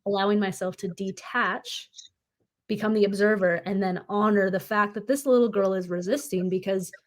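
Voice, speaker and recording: A woman's voice: medium pitch, fairly even intonation, normal speed. Affirming, reflective woman on a podcast. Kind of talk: casual podcast chat.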